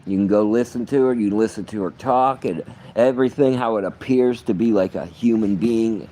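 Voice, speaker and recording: A man's voice: on the low side, normal speed, dark tone. A man rambling in a vlog monologue, profane, muttering at times and then bursting out. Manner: profane, rambling, swings between muttering and outbursts. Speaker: vlogger.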